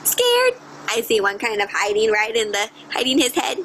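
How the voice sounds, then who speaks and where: Woman teacher, picture-book read-aloud, high bright voice, slow, faint background noise. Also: rough recording. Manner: expressive, asks children questions. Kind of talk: read-aloud storytelling for children.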